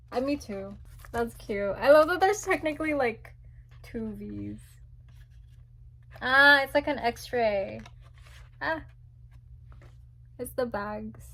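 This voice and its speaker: A young woman chatting casually as she unboxes albums, gushing and squealing with excitement. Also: sits high.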